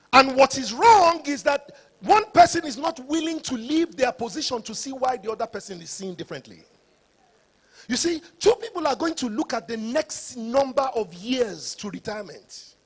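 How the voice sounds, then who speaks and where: Man, conference speaker; high and husky, emphatic preacher-like delivery. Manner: preacher-like, rising to shouts for emphasis. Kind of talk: motivational conference talk.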